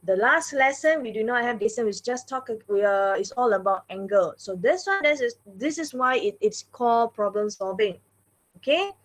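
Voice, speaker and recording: Woman math teacher, patient and repetitive, slightly high voice, online class. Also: animated, moderate pace. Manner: patient, repeats "all right" and "okay" often.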